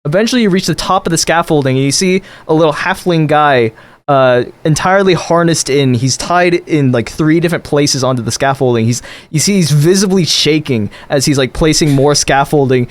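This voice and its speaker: A man with a fairly high voice narrates as game master of a tabletop game. He talks loosely, full of fillers and quick laughs, setting scenes and calling for rolls.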